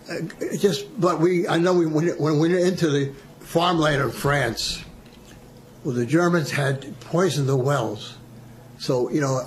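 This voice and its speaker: A man's voice: a little high, a little hiss or hum. Chuckling older man telling war stories. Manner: chatty, chuckles through his stories. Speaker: veteran telling his war memories. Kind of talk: storytelling oral history.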